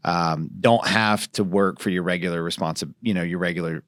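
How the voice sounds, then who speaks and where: A man's voice: sits low, steady tone, brisk, fairly bright tone, no echo, clean studio sound. A male pastor chatting casually on a church podcast, rambling with frequent restarts.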